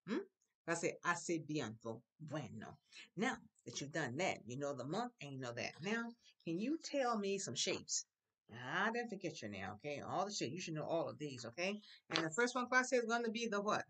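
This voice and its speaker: A woman teaching a children's class, slowly repeating words for the pupils to copy. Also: deep voice. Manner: lively, drawn-out repetition of words for pupils to copy. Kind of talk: classroom language lesson. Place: school classroom.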